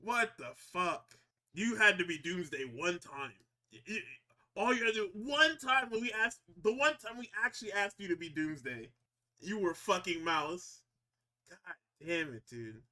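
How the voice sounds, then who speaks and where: On a podcast, a man recaps wrestling in a loose, foul-mouthed way, his voice high and his pace normal. He gets worked up, laughs a lot, and performs the wrestlers' lines himself.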